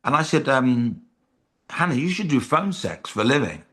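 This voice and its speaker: A British man talks casually as a podcast guest, spinning anecdotes with a self-mocking edge. His voice sits at an ordinary middle pitch, and he fills gaps with frequent ums. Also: sing-song, moderate pace, sharp tone, breathy edge. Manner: chatty storyteller, self-deprecating jokes, many ums. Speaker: comedian guest. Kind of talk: casual chat.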